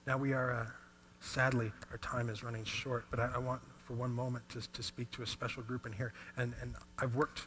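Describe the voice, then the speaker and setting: A man in his thirties preaching a sermon as a pastor, telling personal stories in an animated way. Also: mid-range voice, fairly quick, a little hiss or hum. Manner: animated storytelling.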